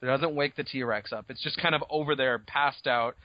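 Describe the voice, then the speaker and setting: Man, podcast co-host, casual chat, profane, animated, dry, lo-fi. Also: medium pitch, normal speed, no echo. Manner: profane, animated retelling with voices. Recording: dull lo-fi podcast audio.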